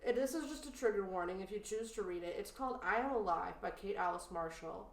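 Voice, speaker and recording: This podcast co-host is a woman with a mid-range, gravelly voice who talks fast, caught from off-mic in a roomy space. In a casual chat she tells stories animatedly and indignantly, getting worked up and leaning heavily on "like" as a filler.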